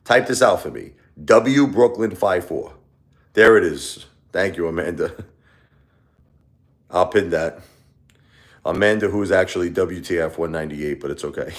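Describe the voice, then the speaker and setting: A man's voice: deep voice, big pitch swings, moderate pace. A man hosting a casual live stream, talking in a rambling, repetitive way and lashing out at his critics.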